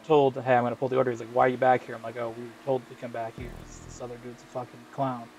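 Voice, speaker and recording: A man's voice: medium pitch, little pitch movement, very fast, a little mellow, slight background noise. A man hosting a gaming video, telling a long story in casual, profane chat full of slang fillers. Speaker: gaming channel host. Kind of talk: casual chat while racing in a game.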